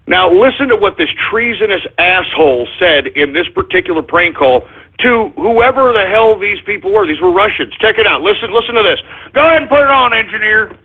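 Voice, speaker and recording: A man hosting a political talk radio show, ranting angrily with profanity, shouting in bursts and calling his listeners folks. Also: sits high, expressive, brisk, husky. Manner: addresses listeners as folks and gives orders to the engineer. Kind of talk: angry political call-in radio rant. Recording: tinny phone-like lo-fi audio.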